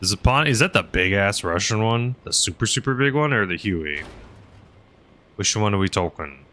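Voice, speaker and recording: A young man rambles through casual gaming stream chat, full of fillers and quick asides. His voice sits a bit low but has a bright, forward edge. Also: expressive. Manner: rambling, filler-heavy, laughs often. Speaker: streamer flying a helicopter.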